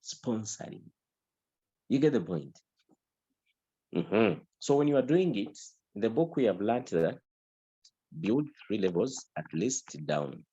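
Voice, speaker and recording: A middle-aged man delivers an emphatic, repetitive business training talk. His voice sits low and mellow, with a husky edge. The recording is dry and somewhat dull. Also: big pitch swings, takes it slowly, long pauses, dry recording. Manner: emphatic, repetitive, mixes in local language.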